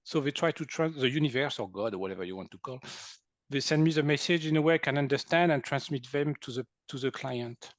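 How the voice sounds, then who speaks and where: French-accented man telling an animated story. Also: medium pitch, fast talker, no room sound. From France. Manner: animated, laughs often, acts out quoted speech. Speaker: guest, energy healer. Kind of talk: storytelling interview.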